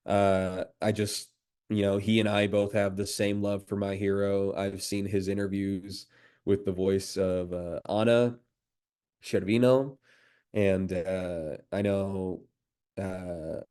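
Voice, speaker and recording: Male voice actor guest, fairly low voice, relaxed and keen, chatting casually about his work. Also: slow. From United States. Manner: enthusiastic, admiring. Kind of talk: casual interview chat.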